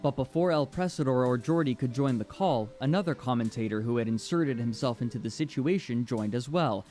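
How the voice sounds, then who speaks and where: A man reading scripted documentary narration in a measured, even storytelling way. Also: mid-range voice.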